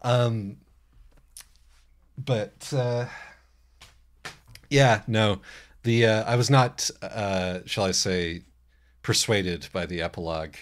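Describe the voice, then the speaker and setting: Low-voiced wry podcast man. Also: steady tone, slow, long pauses. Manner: hesitant, many ums and restarts, wry. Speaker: podcast co-host. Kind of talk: casual book-discussion chat.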